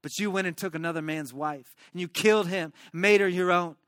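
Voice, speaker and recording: A man voicing a stern but caring male prophet who speaks low, quiet and firm. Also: fairly quick, dry recording, clean studio sound. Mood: rebuking.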